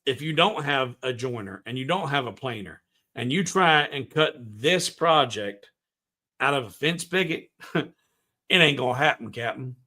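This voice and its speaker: A man's voice: mid-range voice, expressive, measured pace, pushed and bright. A man hosting a woodworking livestream in a loose, folksy way, reading out viewer comments and humming to himself as he works in his workshop. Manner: folksy and loose, hums to himself while working; reads viewer comments aloud and answers them. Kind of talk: casual live tutorial chat.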